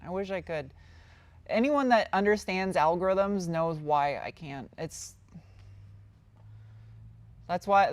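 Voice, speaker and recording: A woman's voice: sits low, a little mellow, no room sound. A woman casually answering viewer questions on a live stream, rambling and chatty as she reads out each question. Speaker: car-build YouTuber answering live chat.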